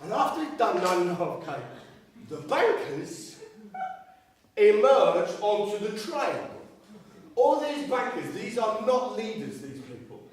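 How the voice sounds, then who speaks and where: Animated man doing stand-up, high voice. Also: unhurried. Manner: animated, swearing, emphatic. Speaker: stand-up comedian. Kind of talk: stand-up storytelling. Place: live event venue. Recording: echoey live venue, distant mic, audience laughter.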